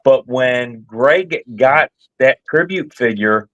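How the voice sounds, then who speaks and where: Slow, lively-pitched man, lo-fi. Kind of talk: casual chat.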